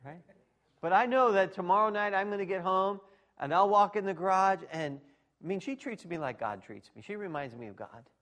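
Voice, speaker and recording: Middle-aged male pastor, high voice, emphatic sermon delivery with sudden loud peaks. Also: expressive, moderate pace. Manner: emphatic, swings from quiet asides to shouting.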